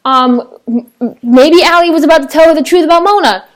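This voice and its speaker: A young woman, chatting casually to her laptop webcam at home, rambling excitedly with lots of fillers and restarts. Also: high voice, a little fast. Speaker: vlogger reviewing a TV episode. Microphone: laptop webcam microphone.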